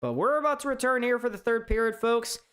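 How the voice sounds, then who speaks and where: A man from hosting a live sports reaction stream, chatting casually in a strained, hoarse voice, rambling and stammering through restarts. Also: very high-pitched, fast, fairly bright tone. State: voice straining from shouting. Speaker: sports fan livestream host.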